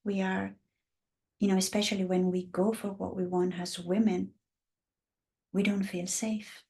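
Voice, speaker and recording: A woman's voice: mid-range voice, flat delivery, measured pace, vocal fry, a little mellow. Passionate Italian-accented woman. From Italy. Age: 50s. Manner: passionate, acts out the voices of the women she describes. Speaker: guest, women's coach and entrepreneur. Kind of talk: casual podcast interview.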